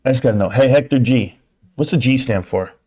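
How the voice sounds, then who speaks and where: A man putting on a mock-seductive voice, playing a teasing male seducer with a breathy murmur. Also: medium pitch, a little fast, a little mellow, pitched below the performer's own voice, lightly acted.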